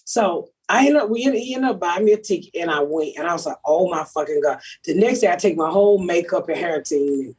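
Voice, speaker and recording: Woman, comic podcast host, husky and brash, profane storyteller. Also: on the low side, animated, brisk, hardly any pauses, a little mellow. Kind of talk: casual comedic chat.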